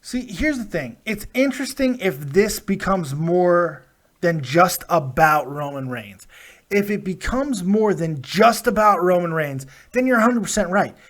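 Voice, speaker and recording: A man's voice: high voice, animated, a little slow. A man hosting a live call-in wrestling review show, chatting casually with callers, emphatic and playful, swearing freely.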